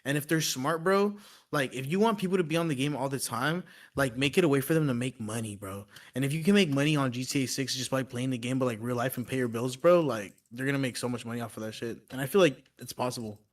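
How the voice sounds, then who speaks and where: A man's voice: mid-range voice, quick pace. A man chatting casually on a livestream podcast, rambling and hesitant, filling every gap with like and bro.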